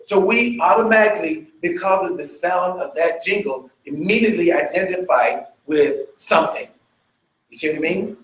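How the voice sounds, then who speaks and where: A man's voice: high-pitched, normal speed, fairly bright tone. A male dance fitness instructor teaching a workshop, chatty, checking in with listeners and vocalizing beats and sounds with energy. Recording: echoey room.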